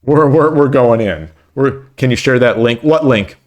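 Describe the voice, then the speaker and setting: A man's voice: mid-range voice, normal speed. A man streaming himself playing shogi online at home, rambling and stammering with lots of repeated words and joking at his own losing streak. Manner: self-deprecating about his losses. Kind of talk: live-stream commentary while playing.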